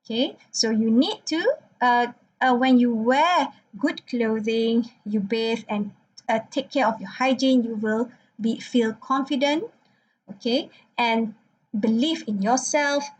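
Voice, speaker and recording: A woman's voice: a little high, takes it slowly, muffled recording. A woman lecturer talking through her slides and checking in with "okay" again and again. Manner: frequent "okay" check-ins, non-native phrasing.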